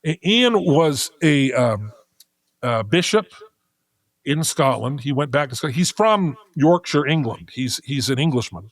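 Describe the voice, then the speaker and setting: A middle-aged man speaking as a podcast guest. He tells a story in a casual, animated way and restarts his sentences as he thinks aloud. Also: medium pitch, unhurried, no echo.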